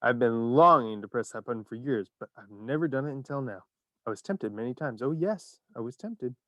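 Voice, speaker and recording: A man's voice: medium pitch, expressive, a bit bright, no room sound, natural voice. Mister Wonka, a man doing an exuberant eccentric candy maker. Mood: thrilled. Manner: exuberant, theatrical, rapid bursts of enthusiasm. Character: eccentric excitable male candy maker, cheerful and showy. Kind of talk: storybook reading.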